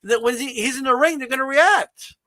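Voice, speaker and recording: A man with a high, bright voice argues in a casual wrestling debate, piling on "like" and "bro" and slowing down to mock stiff, memorized lines. The sound is close and dry, with no room echo. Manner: animated, mocks stilted delivery, lots of "like" and "bro".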